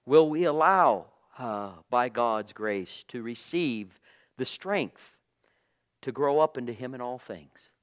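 A man preaching a fervent sermon, moving between hushed low passages and loud, emphatic proclaiming with repeated phrases and bursts of praise. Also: expressive, takes it slowly. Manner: fervent, punctuated with praise exclamations.

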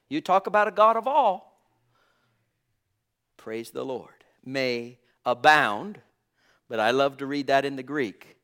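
Lively, emphatic male preacher. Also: medium pitch. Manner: emphatic, drawn-out preaching with bursts of loudness and soft asides; chuckles between phrases. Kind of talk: sermon.

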